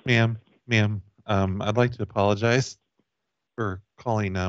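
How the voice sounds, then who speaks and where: A man making deadpan prank calls and chatting casually, halting with fillers as he talks. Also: lowish voice, no room sound. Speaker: prank-calling co-host. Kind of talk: prank call and casual chat. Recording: dull dry sound.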